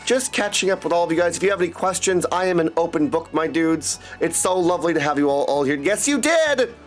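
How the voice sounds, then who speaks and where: Excitable chatty male streamer. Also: fairly high pitch, brisk, faint music behind. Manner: excitable, chatty, keeps saying my dudes. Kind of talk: casual live-stream chat.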